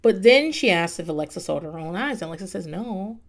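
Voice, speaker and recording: A woman's voice: lowish voice, animated, fast. A woman recapping a reality show in a casual, blunt monologue, swearing freely and laughing often.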